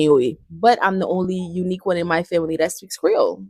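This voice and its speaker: A woman's voice: fairly low pitch, fast, creaky, dark tone, no room sound, clean studio sound. A woman in her twenties with a Jamaican accent, chatting playfully to her viewers and switching between languages. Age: 20s. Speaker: vlogger. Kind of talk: casual chat.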